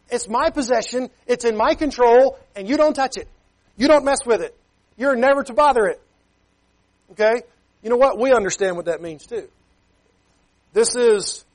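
A man's voice: very high voice, normal speed, pauses often. A man preaching a sermon as a pastor. He talks emphatically, keeps checking with "Okay?", and reads scripture in King James wording.

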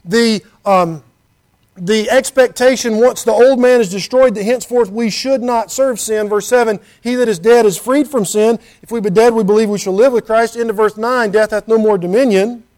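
Male preacher with a high voice, earnest and chatty in the pulpit, reads scripture aloud, keeps asking the room questions. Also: moderate pace, darkish tone. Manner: earnest, conversational, with rhetorical questions; reads scripture in King James wording. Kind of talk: sermon.

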